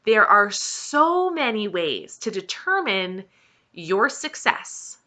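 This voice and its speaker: Her voice is mid-range, pushed and bright, and very animated, though she speaks at a slow pace. She opens up to the camera about losing weight, offering earnest encouragement, driving points home through repetition, and seeming on the verge of tears.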